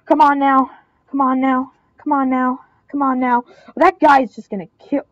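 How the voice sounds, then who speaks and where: A woman's voice: sits high, normal speed, no echo, highs cut off. A young woman commentating her own online game, crying out in panic and repeating short phrases over and over. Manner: excitable, squealing and crying out in panic. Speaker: gameplay commentator. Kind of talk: excitable live game commentary.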